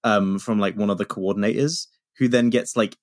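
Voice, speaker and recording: A young man co-hosting a podcast rambles through stories in casual chat, restarting often. His fairly low voice stays fairly even at a moderate pace, captured in studio quality with no echo.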